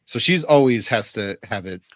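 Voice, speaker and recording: Brief: male podcast co-host, relaxed and deadpan, mid pitch, dry close recording. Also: normal speed, dry recording. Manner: laid-back, dry humor. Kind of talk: casual podcast chat.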